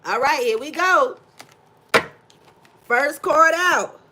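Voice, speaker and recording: A woman's voice: high voice, animated, slow pace, noisy background. A woman giving a live tarot reading, effusive and repetitive, greeting chat viewers as baby and y'all. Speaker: tarot reader.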